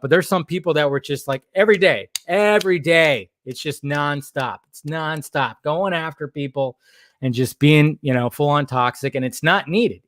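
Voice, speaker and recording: A man's voice: fairly high pitch, fairly bright tone, no echo. A young adult man hosting a live stream, ranting in a rambling, profane way with many restarts and bursts of heat. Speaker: host.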